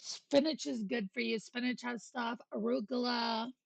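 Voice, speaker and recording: A woman streamer with a high, gravelly voice chats in an animated, joking, sweary way. Her husky tone sits close on the mic in a dry, dead recording. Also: normal speed, dry recording. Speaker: livestreamer. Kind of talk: casual stream chat.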